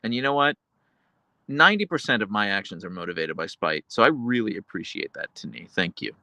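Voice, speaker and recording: A man's voice: on the low side, big pitch swings, a little fast, gravelly, bright, forceful tone, no echo. A man hosting a livestream, reading viewer messages and rambling casually with lots of fillers and self-corrections. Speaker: livestream host reading chat.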